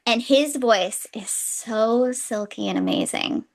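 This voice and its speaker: Young female podcast co-host, bubbly and gushing, somewhat high-pitched, casual chat. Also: slow, creaky. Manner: bubbly, gushing, laughs often.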